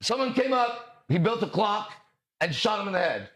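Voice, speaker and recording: Male podcast host, mindset coach; cocky preachy monologue, swinging pitch, fairly high voice, profane. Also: very animated, a bit bright. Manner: swaggering, profane, preachy, with dramatic pauses.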